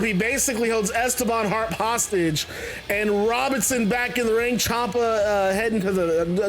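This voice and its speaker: High-voiced male host, casual stop-start play-by-play. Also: a bit bright. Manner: rambling, stop-start phrasing. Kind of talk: casual wrestling play-by-play narration.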